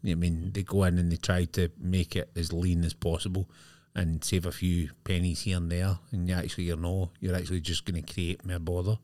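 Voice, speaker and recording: A man's voice: deep voice, little pitch movement, brisk, warm tone, dry recording. A man with a Scottish accent, co-hosting a casual podcast chat, blunt and forever checking that he is understood. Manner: blunt, keeps asking "do you know what I mean". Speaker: podcast co-host.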